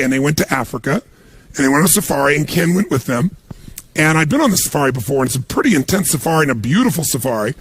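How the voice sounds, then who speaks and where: Male motivational speaker, gravelly husky voice, animated storyteller. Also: a little high. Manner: storytelling, acts out quoted voices. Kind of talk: motivational talk.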